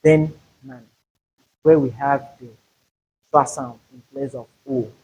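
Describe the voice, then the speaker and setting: A male teacher giving a slow, deliberate pronunciation lesson, repeating example words to show stress. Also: mid-range voice, fairly even intonation, darkish tone, husky, rough recording. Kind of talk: classroom-style pronunciation lesson.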